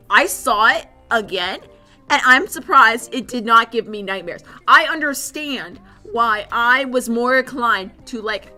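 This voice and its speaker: A young woman, a streamer and artist, chats casually and rambles while she draws, swearing freely. Her voice is a little high and sharp, and her throat sounds dry and sore.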